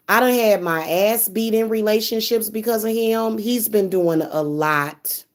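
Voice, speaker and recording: A young woman venting angrily in a vlog, cursing heavily and stumbling over repeated words when upset. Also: mid-range voice. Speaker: spiritual reader and vlogger. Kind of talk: angry, profane venting monologue.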